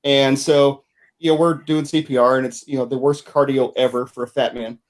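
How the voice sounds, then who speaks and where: A man of ordinary pitch tells a story on a casual podcast. He speaks frankly with a wry edge, as a co-host sharing his experience. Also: flat delivery, moderate pace.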